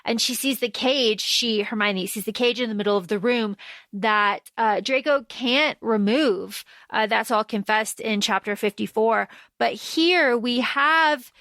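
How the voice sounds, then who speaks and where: Animated woman with a bright high voice. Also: measured pace, dry recording. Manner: animated, acts out quoted lines in lower or higher voices. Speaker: podcast co-host. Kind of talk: casual fan podcast discussion.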